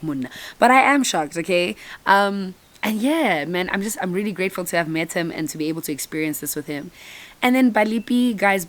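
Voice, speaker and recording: A young woman from South Africa vlogging to camera in a casual, chatty, expressive way, swearing freely. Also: on the low side. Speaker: travel vlogger.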